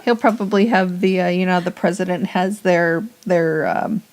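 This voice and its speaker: A woman's voice: fairly low pitch, steady tone, normal speed, darkish tone. A woman from the northern US co-hosting a radio show in casual chat, mostly agreeing in short replies and adding jokes.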